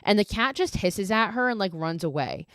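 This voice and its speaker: A woman's voice: mid-range voice, lively intonation, moderate pace, fairly bright tone, clear, resonant tone, dry recording, studio quality. A woman podcast host casually recapping a film, peppering it with "like" and profane, exasperated asides. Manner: fillers of "like" throughout.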